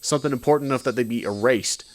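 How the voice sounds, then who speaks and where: A man's voice: medium pitch, racing, slight background noise. Fields: Sex: man. Role: let's-play host. Style: reading a visual novel aloud in casual game narration. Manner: casual, offhand, sometimes swearing.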